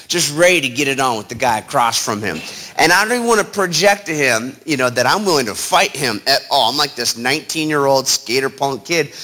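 A man telling a personal story to an audience in an animated, dramatic way, acting out the other people's lines. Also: fairly high pitch. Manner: animated, dramatic retelling with quoted voices. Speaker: speaker.

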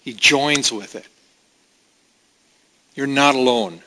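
A man preaching a sermon as pastor, earnest and conversational, with halting restarts. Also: medium pitch, background noise. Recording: long hall reverb.

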